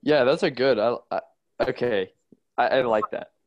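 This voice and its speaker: A young man co-hosts a podcast and talks casually. His voice is mid-pitched, and he drops wry, joking asides into the conversation. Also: moderate pace, no echo, highs cut off. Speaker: podcast co-host. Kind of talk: casual chat.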